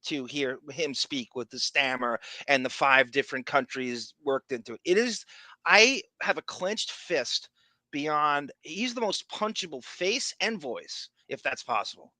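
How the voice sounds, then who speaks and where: A man's voice: a little high, unhurried, no room sound. A man hosting a casual podcast, reading live chat and ranting with lots of laughter. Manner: animated, ranting, laughs often. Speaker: podcast host.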